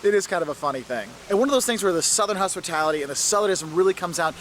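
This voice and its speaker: A man's voice: high voice, expressive, very fast, a bit bright, slight background noise. A man presenting a travel video outdoors in a city, talking enthusiastically straight to the camera.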